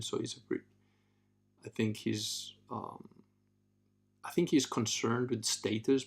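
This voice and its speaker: A man talks on a livestream in a loose, unscripted way, blunt and often profane. His mid-pitched voice carries a gravelly fry. He slips into high, mocking impressions of other people. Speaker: livestream host; martial arts trainer. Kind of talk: casual livestream chat.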